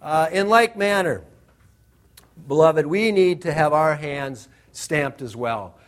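High-voiced, emphatic male preacher. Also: slow pace. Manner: emphatic, repeats phrases for effect. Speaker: pastor. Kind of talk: sermon.

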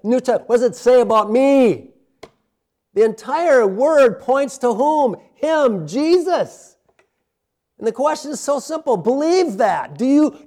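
A man preaching a sermon in a church sanctuary, with impassioned rises and a hushed closing prayer. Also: extremely high pitch. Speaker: pastor.

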